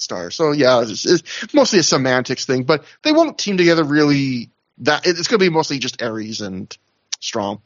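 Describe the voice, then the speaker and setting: Man, casual podcast chat, higher pitch, muffled lo-fi sound. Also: fairly bright tone. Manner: chatty, recounting with asides and laughs. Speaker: podcast host.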